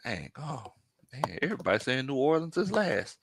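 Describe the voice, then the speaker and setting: A man's voice: medium pitch, big pitch swings, moderate pace, creaky, a little hiss or hum. A man co-hosting a casual sports roundtable, laughing and teasing in loose slang. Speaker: podcast co-host.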